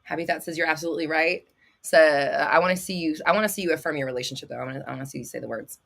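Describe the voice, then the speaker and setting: A woman hosting a live stream as a manifestation coach, talking bluntly and sassily with plenty of swearing, sometimes flaring into a shout and then laughing it off. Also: sits low, rapid-fire, creaky. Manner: blunt, profane and sassy. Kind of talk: live-stream advice talk.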